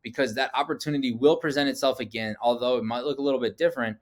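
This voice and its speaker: This man is a podcast guest in his thirties, chatting through personal stories in a casual interview. His voice sits at an everyday middle pitch. He talks in an animated way, scatters "like" throughout, and slips into acted-out dialogue. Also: quick pace. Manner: animated, acts out quoted dialogue, frequent "like" fillers.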